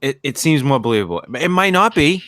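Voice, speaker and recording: A man's voice: on the high side, sing-song, quick pace, fairly bright tone, a little hiss or hum. A man co-hosting a podcast, chatting casually in a mock-serious, sarcastic way and swearing freely. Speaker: podcast co-host. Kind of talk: casual chat.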